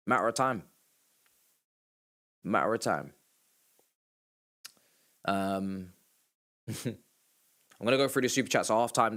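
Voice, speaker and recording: A man hosting a live football reaction stream, sarcastic and exasperated, swearing and shouting at the referee's calls. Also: on the low side. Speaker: livestream host reacting to a football match.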